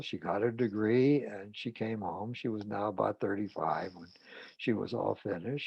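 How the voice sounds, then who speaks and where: Gravelly male psychologist telling a case story, frank, dull dry recording. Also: lowish voice, dry recording. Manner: frank, conversational.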